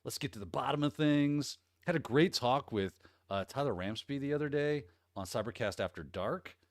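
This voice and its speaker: A man's voice: medium pitch, lively intonation, normal speed, no echo, studio quality. A man from the Midwest of the US hosting a casual livestream. He talks in an upbeat, rambling way and greets viewers by name. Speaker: host.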